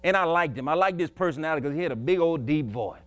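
A man's voice: a little high, rapid-fire, fairly bright tone, no echo. A male preacher telling a folksy story in a sermon, chuckling and emphatic as he goes.

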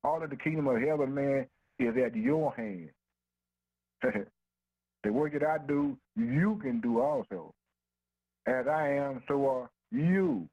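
With a medium-pitched voice on dull, echo-free audio, a man delivers a rhythmic, emphatic sermon in informal dialect, saying things like "ain't no". He poses himself the question "what?" before answering, and slips "man" and "boy" between phrases.

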